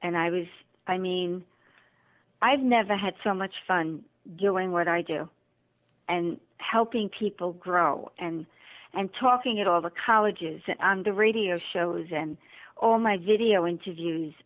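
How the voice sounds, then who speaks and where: A woman's voice: on the low side, measured pace. A woman guest, an author and motivational speaker, telling her story in an interview and acting out the dialogue. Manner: animated, acts out quoted dialogue. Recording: tinny phone line.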